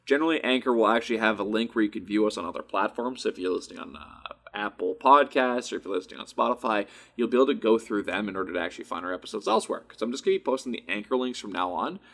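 Young male podcast co-host, lively storyteller, swears a lot, wide pitch swings. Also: very fast, few pauses. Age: young adult. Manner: animated storyteller, swears freely, acts out quotes. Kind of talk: casual podcast chat.

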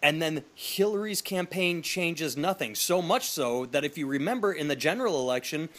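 A man's voice: a little high, lively intonation, normal speed, fairly bright tone. A man in his thirties hosting a podcast, telling stories in a wry, chatty way. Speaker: podcast host. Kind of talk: casual podcast chat.

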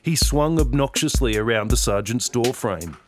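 A man reading a novel-length audio story as narrator, measured and dry. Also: mid-range voice, animated. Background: guitar music.

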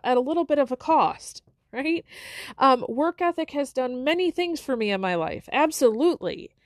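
A woman's voice: sits high, no echo. Earnest woman podcaster, dry close sound. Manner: earnest, halting, with frequent fillers and restarts. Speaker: podcast host. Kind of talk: reflective solo podcast talk.

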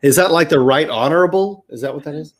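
A man's voice: fairly high pitch, quick pace. Southern american man, casual podcast host, rambling, lots of uhs and ums. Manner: rambling, digressive, many fillers. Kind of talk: casual chat.

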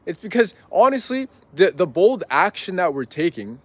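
Young man, podcast guest, fairly high voice, rambling casual storytelling, lots of filler. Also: big pitch swings, normal speed, no room sound. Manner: rambling, heavy use of "like" and "right?".

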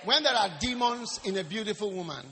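A man preaching a sermon in a lively, storytelling way, acting out quotes and jokes. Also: high voice, a little fast. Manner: animated, storytelling with acted quotes and stammering imitations. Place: church service hall. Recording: long reverb of a large hall.

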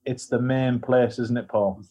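A man's voice: medium pitch, fairly even intonation, a little slow, mellow, breathy edge. A man co-hosting a podcast, telling a rambling, teasing story in casual chat. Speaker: podcast co-host.

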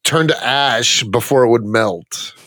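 A man co-hosting a podcast, talking casually with a slow drawl and frequent laughter. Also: medium pitch, sharp tone, no room sound. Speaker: podcast co-host. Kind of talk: casual chat.

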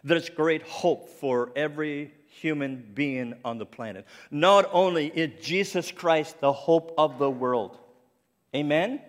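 Slow earnest preacher, faint French-like accent. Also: male voice, on the high side. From Cape Breton Island, Canada. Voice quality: speech faintly like a French accent, left by a stroke. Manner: slow, earnest, personal, with restarts. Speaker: ministry speaker. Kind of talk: sermon. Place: church sanctuary. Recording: long reverb of a large church.

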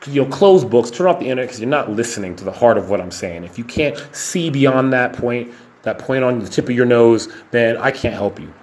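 A man's voice: mid-range voice, lively intonation, a little mellow. Impassioned man ranting on his podcast. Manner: impassioned, emphatic rant with profanity; shifts between slow deliberate stresses and rapid bursts. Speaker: podcast host. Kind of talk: solo podcast monologue.

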